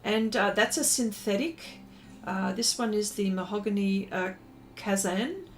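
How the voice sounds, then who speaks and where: A woman's voice: medium pitch, a little slow, a little hiss or hum. A woman hosting a casual art livestream, chatting in a rambling way with many fillers and greeting viewers by name.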